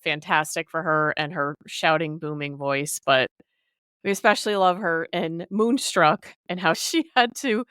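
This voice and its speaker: A woman co-hosting a podcast in casual chat, animated and quick to laugh. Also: low voice, smooth, dry recording, clean studio sound. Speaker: podcast co-host.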